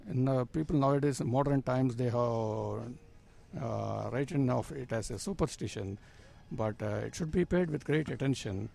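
A man in his fifties, an astrologer, answering interview questions earnestly with plain phrasing and frequent pauses and fillers. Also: mid-range voice, creaky, warm tone. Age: 50s.

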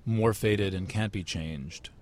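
American male interviewer, lowish voice, halting and curious. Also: a little mellow. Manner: halting, many restarts, thoughtful questions. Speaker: interviewer, astrology writer. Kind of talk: conference interview. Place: conference.

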